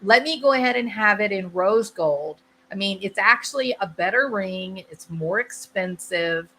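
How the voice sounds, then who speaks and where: A woman's voice: mid-range voice, animated, moderate pace, sharp tone, a little hiss or hum, poor audio. A woman voicing a doting husband who earnestly tries to please his wife. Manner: earnest, placating.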